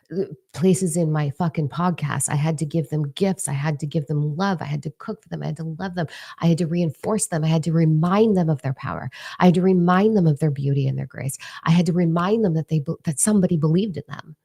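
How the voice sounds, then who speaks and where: A middle-aged woman with a low, gravelly voice gives a candid motivational talk. Her tone is dark and mellow, and she talks bluntly, swears freely and repeats words for emphasis. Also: fast talker. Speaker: motivational speaker.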